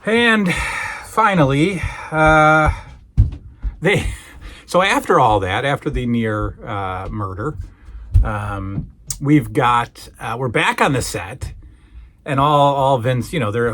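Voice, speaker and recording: A man hosting a casual solo recap, telling the story in an animated way and acting out the quoted lines. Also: mid-range voice, slow pace, long pauses. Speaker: podcast host reviewing old wrestling shows.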